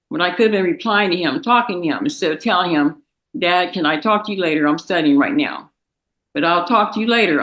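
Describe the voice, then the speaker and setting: A young woman, a victim's daughter, reading a victim impact statement in a courtroom, halting and tearful. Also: on the low side, a bit bright, roomy sound, rough recording. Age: young adult.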